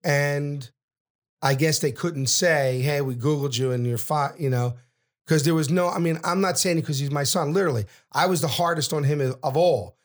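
A middle-aged man, a podcast guest telling an emotional story and often stopping to repeat his words. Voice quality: halting, repeats words, voice drops low at sad moments.

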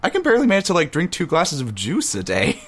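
A man's voice: fairly high pitch, fast talker. A man co-hosting a casual group chat, reading out comments and laughing often. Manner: animated, laughing often, reads comments aloud. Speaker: co-host reading chat messages.

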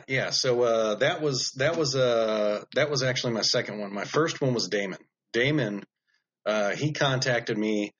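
A man who makes knives, telling stories as a podcast guest in a blunt, animated way with lots of fillers. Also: mid-range voice, slightly rough, lo-fi sound. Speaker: knife maker guest. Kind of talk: casual podcast storytelling.

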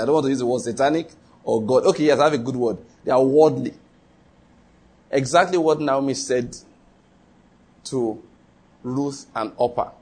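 A man's voice: a little high, a little mellow, husky. A man preaching a sermon as pastor, emphatic and repetitive, often quizzing the congregation with rhetorical questions.

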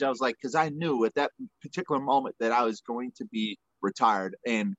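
Man, retired fighter, podcast guest, rambling, animated, muffled dry audio. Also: medium pitch, fairly quick, dry recording. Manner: rambling, animated, many fillers. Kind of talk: casual storytelling.

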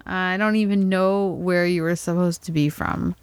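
A woman's voice: on the low side, fairly even intonation, moderate pace, clear, resonant tone. An American woman co-hosting a podcast, matter-of-fact and teasing in casual chat. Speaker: podcast co-host.

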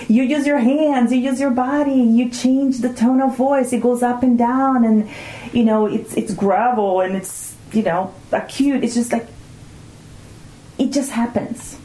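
A woman in her forties from Brazil, speaking in an earnest, thinking-aloud interview manner. Her voice sounds dark and mellow. The room adds a noticeable echo. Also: fairly high pitch. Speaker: guest, mother of two teenagers. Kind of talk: reflective conversational interview. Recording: roomy echoing room.

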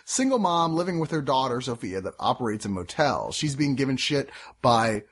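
A man's voice: medium pitch, sing-song, normal speed. A man co-hosting a casual movie review chat, joking and acting out quoted reactions. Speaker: film review podcast co-host.

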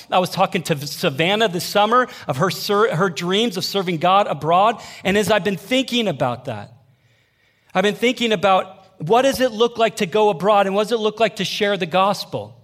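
Animated man preaching a sermon. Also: sits high. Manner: animated, conversational preaching with call-and-response. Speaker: young adults pastor.

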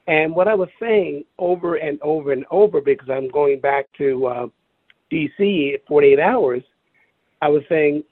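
A man recalling his experience in an interview, speaking haltingly, searching for words and repeating himself. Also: fairly high pitch, dry recording. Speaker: interview guest. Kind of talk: personal recollection over the phone. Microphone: telephone. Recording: tinny phone line.

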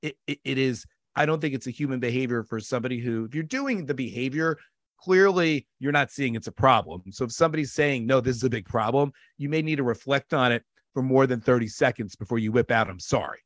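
A man talking in a casual interview, emphatic and animated and quick to jump in. His voice sits at an average pitch. The sound is dry and close, with no room echo. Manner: animated, talks over others, emphatic.

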